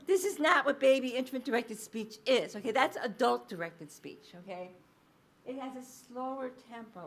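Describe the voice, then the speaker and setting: A woman's voice: fairly high pitch, normal speed, fairly bright tone, slight background noise. A woman researcher giving a public lecture in a library space. She talks conversationally, with frequent fillers, restarts and "okay?" check-ins. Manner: restarts and self-corrections mid-sentence.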